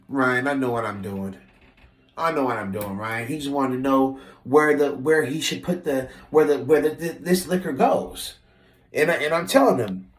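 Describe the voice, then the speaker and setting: A man telling a story from his old job in a casual, animated and profane way, acting out what people said. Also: mid-range voice, normal speed, echoey room. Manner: animated, profane, acts out quotes with shifting voice. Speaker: vlogger telling a work story.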